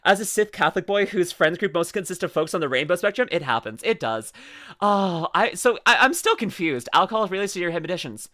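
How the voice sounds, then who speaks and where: A woman chats casually while she reacts to videos, giggling and rambling with plenty of restarts. Her tone is bright and crisp, and her pitch moves a lot. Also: lively intonation, a little fast. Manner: giggly, rambling, lots of restarts and trailing asides.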